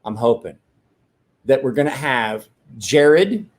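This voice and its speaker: A man's voice: mid-range voice, very animated, moderate pace. A man hosting a casual livestream from home, telling rambling, profane stories while drinking a beer, with frequent restarts. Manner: rambling, profane, self-correcting. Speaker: livestream host. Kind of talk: casual storytelling chat.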